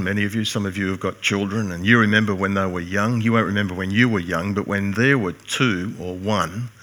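A man's voice: fairly low pitch, fairly bright tone. An older man preaching a sermon, earnest and emphatic, posing rhetorical questions to his congregation. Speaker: pastor.

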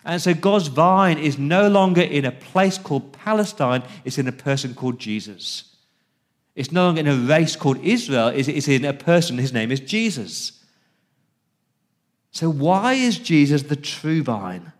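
Male pastor, sermon delivery, earnest, a touch high-pitched. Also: expressive. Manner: earnest preaching, drops to a hush on key words; reads scripture slowly and deliberately.

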